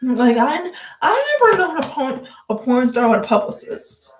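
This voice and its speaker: A woman's voice: sits high, big pitch swings, moderate pace, echoey room, slight background noise, low-quality recording. A woman vlogger giving casual gossip commentary, blunt, profane and joking, full of "like" fillers.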